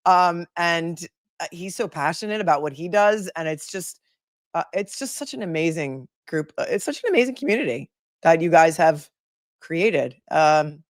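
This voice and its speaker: A woman host talks casually on a livestream, her voice sitting low. She rambles warmly through viewer comments, full of fillers and restarts. The sound is close and dry, with no room echo. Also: expressive, moderate pace. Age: older than her peers, calls herself the old lady of the group.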